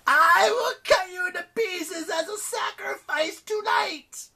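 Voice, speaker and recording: A man voicing a snarling, vengeful goddess of misery in an audiobook, with slow, drawn-out, shrieking threats in a strained high voice. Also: creaky, pushed and bright, heavily acted. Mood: furious threats.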